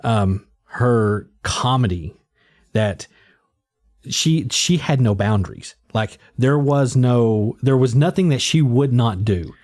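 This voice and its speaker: A man with a mellow, darker tone chats casually on a podcast, wandering through his thoughts and circling back on his sentences. His voice is close and dry, with no room sound around it. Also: medium pitch, slow, dry recording. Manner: rambling, many fillers and restarts. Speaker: podcast host. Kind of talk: casual chat.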